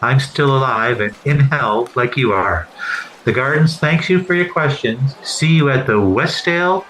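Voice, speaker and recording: A man impersonating a formal male arena public-address announcer with flat, measured announcements. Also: medium pitch, slight background noise, lightly acted, low-quality recording. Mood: deadpan.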